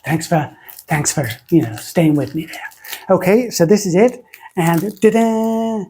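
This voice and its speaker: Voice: medium pitch, lively intonation, normal speed, dark tone, slight background noise. A soap-making tutorial host from Britain, chatting in a rambling, self-mocking way while using a put-on funny voice. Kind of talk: casual rambling tutorial chat.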